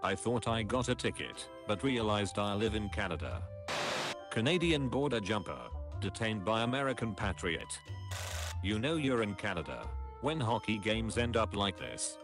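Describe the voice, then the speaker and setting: A man with a lowish voice reads meme captions aloud on a casual stream, his pitch swinging widely as he delivers each joke. Music plays clearly behind him. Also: moderate pace. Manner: reads captions aloud, drops into deadpan low voices for punchlines. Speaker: streamer reading memes aloud.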